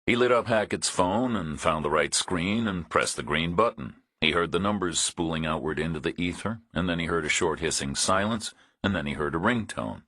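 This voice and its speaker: A man reading a crime thriller audiobook in a steady, even storytelling delivery. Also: low-pitched, normal speed, few pauses, slightly rough, dry recording, studio quality. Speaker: audiobook narrator. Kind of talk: scripted audiobook narration.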